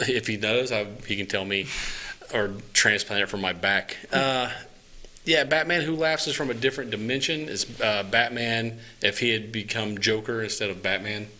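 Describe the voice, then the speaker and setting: A man's voice: fairly low pitch, normal speed, sharp tone, a little hiss or hum. A man co-hosting a casual podcast chat, explaining movie and comic news with jokes and small laughs. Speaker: podcast co-host.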